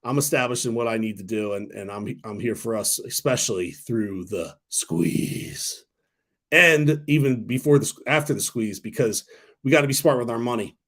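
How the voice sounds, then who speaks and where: A man in his thirties hosting a casual stock talk livestream, rambling and excitable, swearing freely. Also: lowish voice, moderate pace. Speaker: stock talk channel host.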